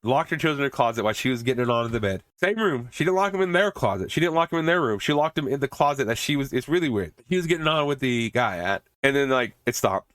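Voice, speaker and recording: A man hosting a podcast talks through a movie's plot in a loose, rambling way, swearing freely and chuckling at the story. His voice sits at an ordinary middle pitch and is recorded close, with a dry sound and no room echo. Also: animated, quick pace, few pauses, fairly bright tone. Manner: rambling, profane and laughing. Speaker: podcast host. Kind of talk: casual movie recap.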